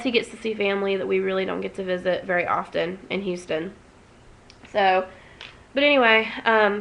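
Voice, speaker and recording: A woman's voice: medium pitch, creaky, a bit bright, low-quality recording. A young woman vlogging at home, talking emotionally and rambling with many restarts. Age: young adult. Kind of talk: casual emotional vlog.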